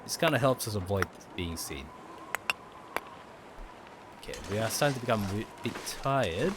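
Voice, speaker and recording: Gaming streamer, male, lively up-and-down delivery, explains mechanics as he plays, faint noise underneath. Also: fairly low pitch, normal speed. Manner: thinks aloud, explains mechanics to viewers. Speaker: gaming livestreamer. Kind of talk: casual gameplay commentary.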